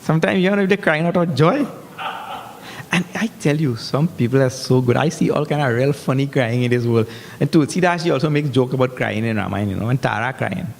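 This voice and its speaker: A man giving a humorous, animated scripture discourse as a spiritual teacher, breaking into chanted verses. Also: mid-range voice, brisk, creaky, a little hiss or hum. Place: large hall. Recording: echoey hall.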